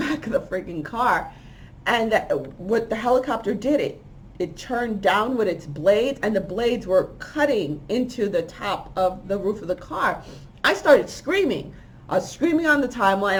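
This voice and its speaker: A woman hosting a spiritual channel, casually telling a long, rambling story of a vision and acting out the voices of people in it. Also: fairly high pitch. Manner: rambling, animated, acts out quoted voices.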